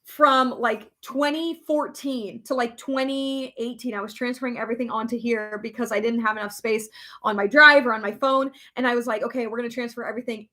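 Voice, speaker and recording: A woman's voice: fairly high pitch, fairly even intonation, normal speed, bright, forceful tone. A young woman hosting a casual live chat, rambling with many fillers and laughing often. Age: young adult. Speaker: livestream host reading comments.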